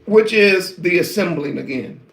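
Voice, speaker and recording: A man teaching an online scripture lesson, animated and preacher-like, talking straight to his viewers. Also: sits high, a little slow, gravelly, reverberant. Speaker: Bible teacher.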